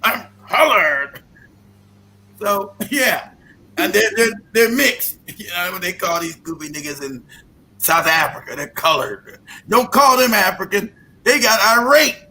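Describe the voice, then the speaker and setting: A man with a high, sharp and forceful voice, hosting a loose, profane rant. He mocks freely and breaks into laughter often. A faint hiss sits under his voice. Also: animated, measured pace, low-quality recording. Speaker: podcast host. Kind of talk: casual rant.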